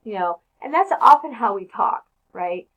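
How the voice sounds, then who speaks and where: A woman's voice: medium pitch, lively intonation, normal speed, fairly bright tone, low-quality recording. Chatty woman teaching grammar. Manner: conversational, frequently checks in with "okay?". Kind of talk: informal grammar lesson.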